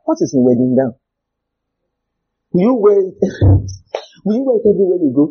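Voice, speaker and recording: Nigerian male preacher, high lively voice, punchy rhetorical delivery with shouted bursts, husky tone. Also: normal speed. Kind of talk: sermon. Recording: dull lo-fi recording.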